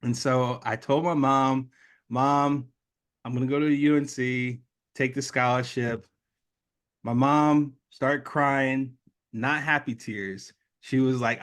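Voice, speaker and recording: This is a man in his late thirties, a guest in an interview. He tells his story in an animated way. He slips into the voices of the people he quotes, and his pitch sits in the middle. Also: unhurried.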